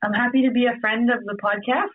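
A man who is a podcast guest, joking in a dry, deadpan way over a remote call. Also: extremely high pitch, fast talker, no room sound. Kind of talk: casual podcast chat. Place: at home in Canada. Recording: tinny phone-like remote call.

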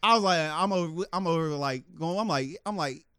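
A man telling a story animatedly in casual podcast chat, laughing and acting out quotes in a higher voice. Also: a little fast, bright, forceful tone, clean tone, no echo, studio quality. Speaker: podcast co-host.

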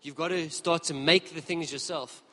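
A preacher telling a story in a sermon, lively and conversational as he speaks to the congregation in a church hall. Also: on the high side, normal speed. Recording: long reverb of a large hall.

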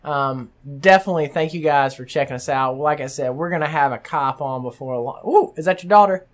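A man's voice: a little high, a little fast. A man from the US South with a Southern accent and a nasal twang, co-hosting a casual podcast in a studio in a laid-back, teasing way. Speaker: podcast co-host.

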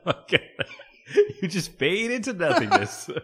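A man's voice: sits high, slow, slightly rough. A man co-hosting a casual chat, joking and laughing often while recapping a show. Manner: laughs often, animated, jokey. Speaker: podcast co-host.

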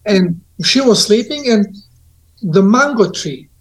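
High-voiced man telling earnest stories. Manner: earnest, lively storytelling with pauses and restarts. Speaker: guest. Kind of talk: casual conversation.

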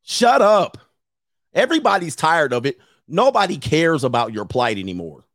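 Ranting high-voiced man, dry sound. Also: sing-song, moderate pace, fairly bright tone, no echo. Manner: scolding, mocking, laughs often. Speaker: commentary host. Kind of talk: ranting monologue.

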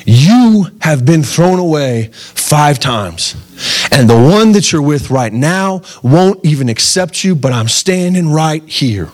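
A preacher voicing a gentle, accepting teacher. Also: male voice, on the high side, animated. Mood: tender. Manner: slow, tender, reassuring.

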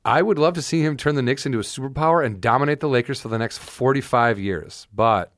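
A man's voice: mid-range voice, fast, a bit bright, dry recording. Joking man co-hosting a podcast, dry sound. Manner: joking, riffing, self-mocking. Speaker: podcast co-host. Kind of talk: casual chat.

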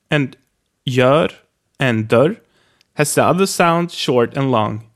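Male Swedish native as language teacher; unhurried, lively, crisply enunciates and repeats drill words. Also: mid-range voice. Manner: slow, careful enunciation with repeated example words. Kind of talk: pronunciation lesson.

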